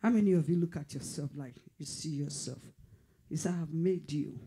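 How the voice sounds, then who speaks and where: A man's voice: on the high side, brisk, dark tone, husky. A man preaching a fervent prophetic sermon, repeating phrases and at times dropping to a whisper. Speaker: pastor.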